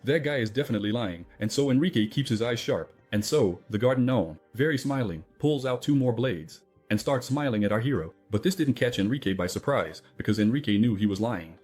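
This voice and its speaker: A man's voice: mid-range voice, lively intonation, a little fast, few pauses, darkish tone, breathy edge, faint music behind. A man narrating a story recap in a casual, jokey way, with chatty asides to the listener.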